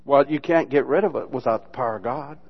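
A man's voice: medium pitch, quick pace, gravelly, slightly rough. Mocking, folksy preacher man, lo-fi. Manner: folksy, mocking humor with sudden loud imitations. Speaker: pastor. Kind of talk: sermon. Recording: dull lo-fi sermon recording.

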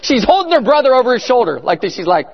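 A man giving an animated testimony sermon as a guest speaker, telling his story and sometimes shouting prayers. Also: very high-pitched, fast talker, gravelly, a faint crowd. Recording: echoey hall, muffled sound.

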